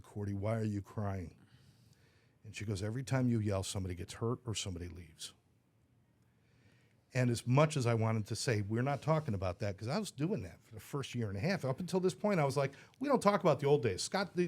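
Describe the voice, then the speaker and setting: Animated storytelling man in recovery. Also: a little fast. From South Jersey, United States. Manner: animated, jokey storyteller who drops to a soft, low voice for painful memories. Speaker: podcast guest in recovery. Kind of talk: storytelling in a talk show.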